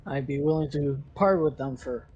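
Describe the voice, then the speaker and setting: A man voicing a big, strong male dwarf forge master who calmly offers a trade. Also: medium pitch, normal speed, breathy edge, muffled recording, faint music behind, natural voice. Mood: dealmaking.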